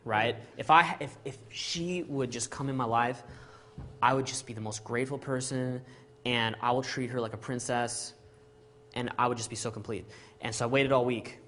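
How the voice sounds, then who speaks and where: A middle-aged man from Canada, telling a story to an audience in an animated way and acting out the dialogue, often asking "right?" and "okay?". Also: mid-range voice, a little hiss or hum.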